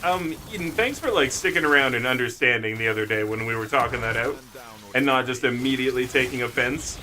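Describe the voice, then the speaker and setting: Bright-voiced joking male streamer. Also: medium pitch, brisk, a little hiss or hum. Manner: jokey, laughs often between remarks. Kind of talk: casual live-stream chat.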